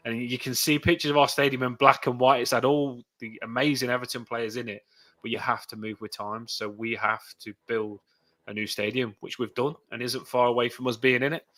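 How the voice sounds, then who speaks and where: Bright-voiced enthusiastic Englishman. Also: medium pitch, fairly even intonation, fairly quick. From England. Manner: earnest, enthusiastic about his club. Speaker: guest, football fan. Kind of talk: casual conversation.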